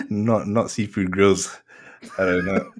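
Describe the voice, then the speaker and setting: A man's voice: deep voice, wildly swooping pitch, slow pace, breathy edge. A man telling a story in a casual podcast chat, laughing often and using slang. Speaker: podcast co-host.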